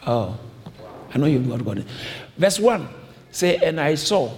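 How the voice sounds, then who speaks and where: A man's voice: on the high side, very animated, measured pace, darkish tone, slight background noise. Preacher man in a reverberant hall. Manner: emphatic, repeats phrases, has congregation repeat lines. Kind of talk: sermon. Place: church hall. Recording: long reverb of a large hall.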